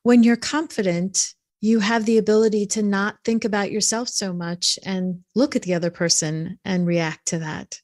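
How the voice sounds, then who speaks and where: A woman's voice: mid-range voice, steady tone, moderate pace, hardly any pauses, darkish tone. A woman hosting a podcast interview, asking friendly, thoughtful questions. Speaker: podcast host.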